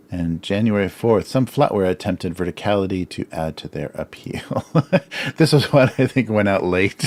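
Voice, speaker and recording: A middle-aged man with a low, deep voice talks casually through a drawing livestream. He muses aloud, chuckles often and pokes fun at himself. His voice sounds a little strained. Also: creaky, a little mellow, a little hiss or hum. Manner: chuckles often, musing and self-deprecating. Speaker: cartoonist livestream host.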